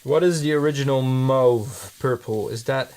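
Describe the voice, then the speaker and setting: Speaking at a normal speed in a mid-range voice with a darkish tone, a handmade paint maker talks casually in his studio. He thinks aloud as he goes, hesitating, rambling, and starting over many times.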